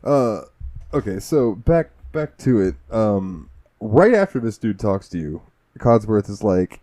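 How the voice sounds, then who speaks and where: A man's voice: fairly low pitch, very animated, a little slow, mellow, no room sound. A man co-hosting a casual gaming podcast, laughing often and retelling the game with quoted voices. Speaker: podcast co-host.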